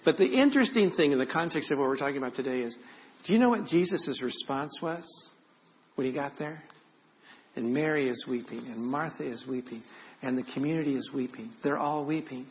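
A man's voice: mid-range voice, highs cut off, a little hiss or hum. A man in his sixties, a pastor preaching a sermon, telling stories with earnest feeling. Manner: storytelling, drops to soft and slow when emotional.

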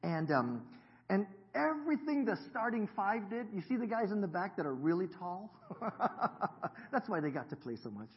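A man in his fifties preaches in a church, joking and talking easily with his congregation. His voice sits a little high for a man. The recording sounds dull and lo-fi. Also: big pitch swings, normal speed. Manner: jokey, self-deprecating, chatty with the congregation. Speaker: pastor. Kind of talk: sermon. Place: church sanctuary.

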